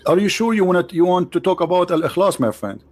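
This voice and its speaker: A man hosting a debate with a caller, teasing and mocking, repeating himself and swinging between loud jabs and low asides. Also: animated, fast. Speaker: show host debating a caller.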